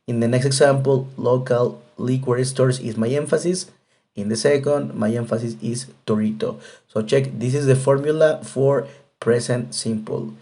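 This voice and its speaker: Patient, mellow-voiced male English teacher. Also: medium pitch. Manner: patient, repetitive explanation with frequent fillers. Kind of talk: grammar lesson explanation.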